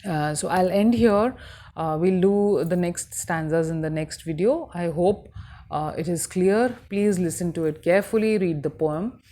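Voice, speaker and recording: A woman with an Indian English accent giving a recorded lecture on a poem, explaining slowly with many hesitations. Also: lowish voice, warm tone. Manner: halting, explanatory, many fillers.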